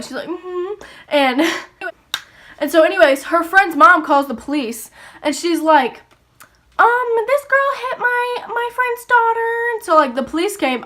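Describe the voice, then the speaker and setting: A woman's voice: high-pitched, pushed and bright. A young woman telling a story casually, swearing freely and acting out the voices. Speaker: YouTuber.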